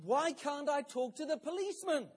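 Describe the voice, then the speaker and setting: A man's voice: very high-pitched, expressive, moderate pace, pitched above the performer's own voice. A man voicing a frustrated company boss on the phone, pleading and insistent. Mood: urgent. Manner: urgent, pleading, insistent questions.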